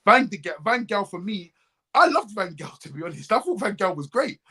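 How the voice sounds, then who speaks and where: A man rants about football in a quick, heated back-and-forth, now and then mimicking other fans. His voice sits high, and his pitch leaps and swoops as he gets worked up. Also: breathy edge. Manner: animated and ranting, mimics other fans' voices. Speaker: co-host. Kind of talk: heated casual football chat.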